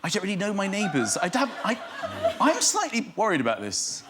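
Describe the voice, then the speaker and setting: A man's voice: sits high, huge pitch swings, a little fast. A middle-aged man, a comedian guest, telling stories on a chat show and acting out little scenes in silly voices. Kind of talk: animated chat-show storytelling. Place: TV studio with live audience. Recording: loud studio audience laughter and noise.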